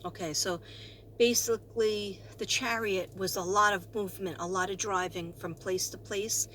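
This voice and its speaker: A woman psychic talking to camera, earnest and halting, with many fillers and restarts as she passes on spirit messages. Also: medium pitch, fairly even intonation, a bit bright, a little hiss or hum. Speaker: psychic medium and tarot reader. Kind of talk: slow talk to camera, reading spirit messages.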